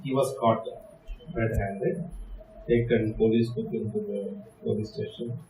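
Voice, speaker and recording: A man's voice: lowish voice, fairly even intonation, a little slow, warm tone, slight background noise. Man preaching in an echoey hall. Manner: storytelling, keeps asking "right?". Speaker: pastor. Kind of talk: sermon. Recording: echoey room, distant mic.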